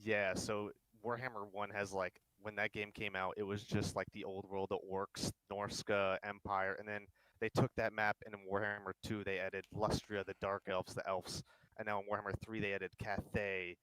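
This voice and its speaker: A man speaks over voice chat, eagerly walking through details of a game in relaxed talk. His voice sits low and sounds dry and close. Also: moderate pace, clear, resonant tone, no room sound, rough recording. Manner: eager, explains at length with a laugh. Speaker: guest in voice chat. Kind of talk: casual gaming chat.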